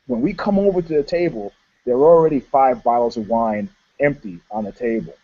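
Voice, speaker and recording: A man co-hosting a podcast, telling stories in casual chat in an animated, laughing way. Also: mid-range voice, brisk, phone-quality sound. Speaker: podcast co-host.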